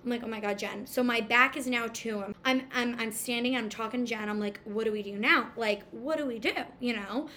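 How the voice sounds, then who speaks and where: High-voiced young woman telling a story. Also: fairly quick, hardly any pauses, slight background noise. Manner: animated, breathless storytelling with quoted dialogue. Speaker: storyteller guest. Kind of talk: casual chat.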